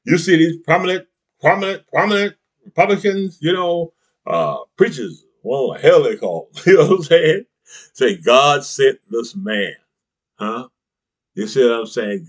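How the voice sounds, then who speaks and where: A man's voice: fairly high pitch, a bit bright. Blunt, profane man ranting. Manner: blunt and profane, peppers talk with "huh?" and "you know what I'm saying"; chuckles between heated points. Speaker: political commentator. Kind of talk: ranting political monologue.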